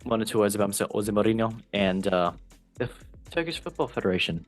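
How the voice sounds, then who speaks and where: A man's voice: on the low side, lively intonation, quick pace, no echo, faint music behind. A man hosting a casual football podcast, reading news items aloud and cutting in with joking asides. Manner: jokey, loose, asides while reading. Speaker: podcast host.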